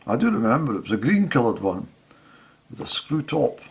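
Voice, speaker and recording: An older man, casually reminiscing in a halting way with many restarts. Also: medium pitch, big pitch swings, vocal fry, a little hiss or hum. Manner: halting, full of restarts and fillers. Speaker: storyteller.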